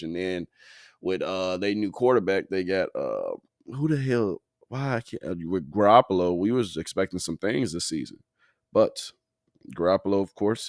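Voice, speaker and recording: A man with a low voice hosts a laid-back sports podcast, sounding a little tired as he rambles in a slangy, profane way. He is recorded dry and close on the mic. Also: a little mellow, dry recording. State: tired, yawning. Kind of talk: casual sports talk.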